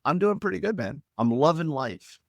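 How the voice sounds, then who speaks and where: Middle-aged man, lively swinging pitch, dry close sound, acts out quoted lines, casual podcast guest. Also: moderate pace, vocal fry, dry recording. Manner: animated, acts out quoted dialogue. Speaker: cybersecurity company CEO, guest. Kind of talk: casual storytelling in interview.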